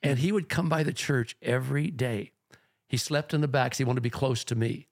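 A man's voice: medium pitch, brisk, no echo, clean studio sound. A man who is a pastor, telling a long story in a rambling, earnest podcast chat.

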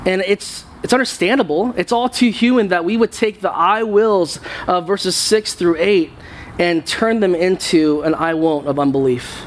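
A young man preaching to his congregation with a noticeably high voice. He talks the sermon through like a conversation and often restarts his phrases. It sounds like a church service. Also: normal speed, a little hiss or hum. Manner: conversational preaching with frequent repeated words. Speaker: pastor. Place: church sanctuary.

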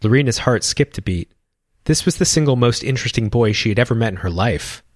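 Calm male storyteller, dry close mic. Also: mid-range voice, fairly quick, no room sound. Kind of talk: scripted narration.

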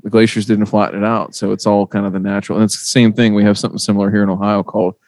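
Midwestern male podcast host, gravelly and fairly low, dry close sound; casual, salty, animated storyteller. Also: very fast, no echo. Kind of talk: casual chat.

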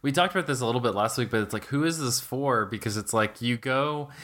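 A man co-hosting a podcast, chatting about films in a relaxed, questioning way with dry asides. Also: mid-range voice, quick pace. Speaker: podcast co-host. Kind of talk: casual film discussion.

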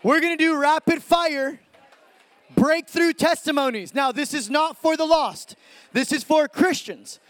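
A man speaking on stage to a crowd at a ministry event, hyped and preachy, firing off quick asides. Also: very high-pitched, fairly bright tone, dry recording. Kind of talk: energetic stage talk to a crowd.

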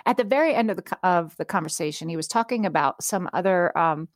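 A woman co-hosting a casual podcast chat who laughs easily and tells relaxed stories. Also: lowish voice, fast talker, dry recording, studio quality.

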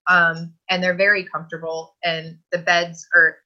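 A woman's voice: fairly low pitch, level tone, moderate pace, highs cut off. A woman guest telling a personal story in a chatty, earnest way that often breaks into laughter.

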